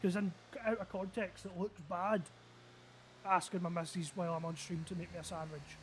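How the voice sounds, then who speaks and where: Guy chatting to stream, thinking out loud, kinda quick, light game noise. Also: high voice, flat delivery. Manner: rambling, thinks aloud, quick asides. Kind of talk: casual live-stream chat.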